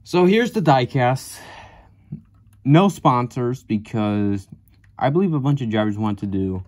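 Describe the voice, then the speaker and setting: A man casually chatting through an unboxing of his collectible model cars, rambling and cursing, with his voice jumping up in excited outbursts. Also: a little slow. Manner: rambling, profane, jumpy pitch with excited outbursts.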